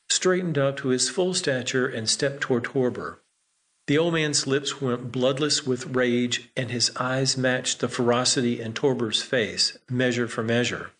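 A man's voice: medium pitch, a bit bright. Man reading a novel aloud. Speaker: audiobook narrator. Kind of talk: scripted narration.

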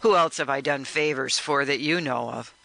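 A man reading an audiobook, voicing a tipsy man who talks in a gruff, offhand way. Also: medium pitch, moderate pace, pushed and bright, no echo. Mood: defensive. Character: tipsy man, blunt and evasive.

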